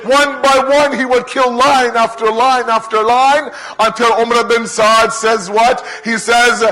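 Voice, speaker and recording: A man's voice: very high voice, steady tone, a little slow, few pauses, bright, forceful tone, low-quality recording. A man preaching a mourning sermon with impassioned narration that rises to cries. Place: gathering hall.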